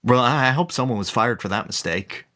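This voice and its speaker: Bright-voiced man retelling a story. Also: mid-range voice, lively intonation, a little fast. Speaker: podcast co-host. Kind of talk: casual chat, retelling a game ending.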